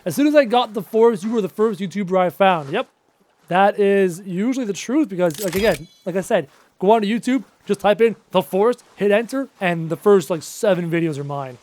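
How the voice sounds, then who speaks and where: A man in his late twenties with a high, light voice, talking casually to his chat during a gaming live stream. He answers their questions aloud and cracks self-mocking jokes. His voice is wearing out from hours of talking. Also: lively intonation, brisk, darkish tone. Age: late 20s.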